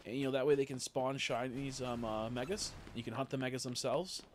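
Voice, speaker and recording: A man's voice: mid-range voice, fairly quick, slight background noise. A young man streaming a game, chatting casually in a rambling way, swearing freely and tossing in jokey asides. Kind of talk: casual gaming livestream chat.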